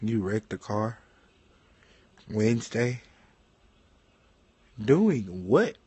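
Husky-voiced man ranting, bored and profane. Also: lowish voice, sing-song, extremely slow, dry recording. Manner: profane, spells words out loud, talks back to people off mic. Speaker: vlogger. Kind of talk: casual rant to camera.

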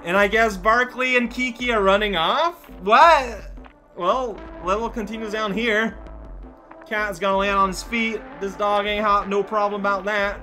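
A high-voiced man rambles through casual gameplay commentary, goofy and easily excited. Game music plays loudly underneath his talk. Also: normal speed. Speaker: let's play host.

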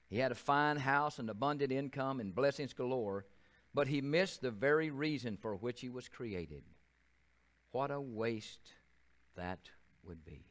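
A man's voice: mid-range voice, lively intonation, moderate pace. An older man with a Southern US accent, preaching a sermon as a pastor in a church, telling folksy stories and often repeating and restarting his phrases.

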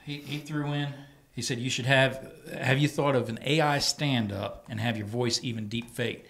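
A man on a podcast crew passing on a listener's question in a relaxed, offhand way. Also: mid-range voice, moderate pace, gravelly. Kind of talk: casual comedy podcast chat.

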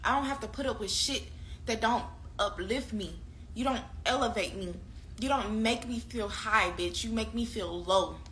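A young woman with a high, bright, cutting voice vents about a breakup in a heated, profane rant. She curses freely and repeats her complaints again and again for emphasis. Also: moderate pace, a little hiss or hum. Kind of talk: candid venting about a breakup.

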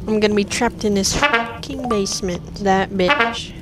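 A woman's voice: mid-range voice, measured pace. A woman gamer giving jumpy horror game commentary, swearing and talking back at the game. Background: game music.

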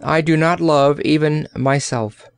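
A man's voice: on the high side, vocal fry, clear, resonant tone, no room sound, pitched above the performer's own voice. A man doing an icy, aloof princess. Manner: calm, cold, measured. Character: cold-hearted young princess, aloof and calm.

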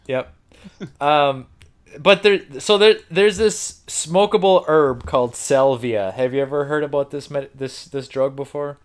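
A man's voice: on the high side, unhurried. Man telling a profane, rambling story. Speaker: podcast host. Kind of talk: casual podcast storytelling.

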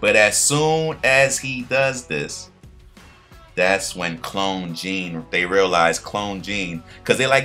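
A man casually recapping a cartoon episode, retelling scenes with slang and fillers and acting out quoted lines in a higher voice. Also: lively intonation, slow pace, sharp tone, faint music behind. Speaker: pop culture commentator.

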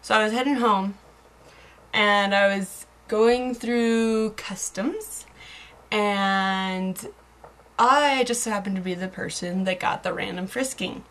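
A woman's voice: mid-range voice, takes it slowly, a bit bright. Rambling, giggly young American woman. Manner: rambling, self-mocking, giggly, drops to murmurs. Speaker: vlogger. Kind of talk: casual video blog chat.

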